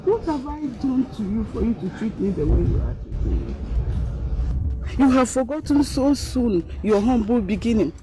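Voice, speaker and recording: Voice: medium pitch, animated, moderate pace, natural voice. An actor playing a scolding parent in a Nollywood drama. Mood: reproachful. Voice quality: scolding, reproachful. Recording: music under the dialogue.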